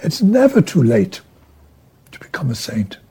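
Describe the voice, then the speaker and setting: A man preaching a sermon in a breathy voice that often drops to a whisper, emphatic, swinging from hushed to raised. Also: a little high, huge pitch swings, measured pace.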